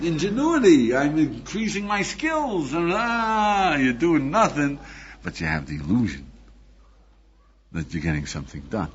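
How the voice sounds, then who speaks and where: An older man, a rabbi, giving a lively lecture, acting out little scenes and asking his listeners questions. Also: a little high, muffled recording. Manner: animated, acts out little scenes with voices, laughs, asks the audience. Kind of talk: recorded lecture.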